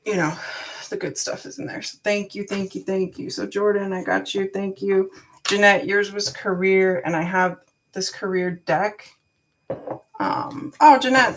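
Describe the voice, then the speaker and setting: Chatty woman reading tarot live, lowish voice. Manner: chatty, talks to viewers by name; frank, swears casually. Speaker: tarot card reader.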